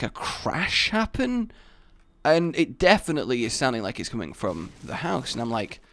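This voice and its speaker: Man, young, gaming commentary, animated storyteller, very lively up-and-down pitch, dry close mic. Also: no echo. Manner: animated storyteller, acts out his sleepy self, laughs often. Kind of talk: casual anecdote over gameplay.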